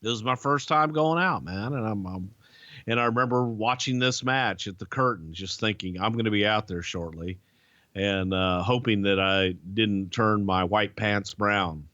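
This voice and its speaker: A man hosting a casual chat, telling stories in a loose, profane, animated way. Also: lowish voice, unhurried, no room sound, muffled recording. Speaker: podcast host.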